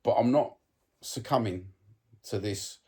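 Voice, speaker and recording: With a fairly low, mellow and husky voice, a little slow, this Cockney man from East London rants about football to his phone camera. The casual vlog monologue is blunt, full of swearing and ums.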